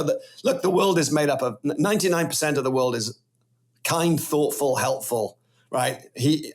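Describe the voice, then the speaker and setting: A middle-aged Welsh man telling stories as a podcast guest, animated and rambling in casual chat. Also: mid-range voice. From Wales.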